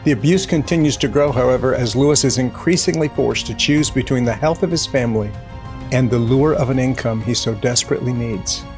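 Man, mid-pitched voice, documentary narration, soft music underneath. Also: a little fast. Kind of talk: scripted narration.

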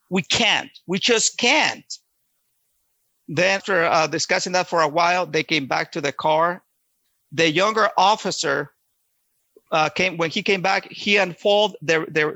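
Gravelly man telling an earnest story. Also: fairly high pitch, sharp tone, no echo, rough recording. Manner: earnest, halting with repeated words and restarts. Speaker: storyteller giving a personal testimony. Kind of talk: first-person storytelling.

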